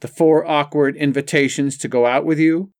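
A sharp young college woman, curt and sardonic, as a male narrator puts her on. The voice is lifted above his own and stays clean and dry. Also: fairly high pitch, fairly even intonation, normal speed, no room sound, voice pushed up, close to an everyday voice.

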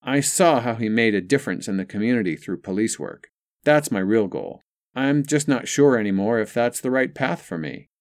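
A man's voice: medium pitch, animated, moderate pace, dry recording, studio quality, close to an everyday voice. An audiobook narrator, a man, voicing an earnest young woman student in a story, asking eager questions.

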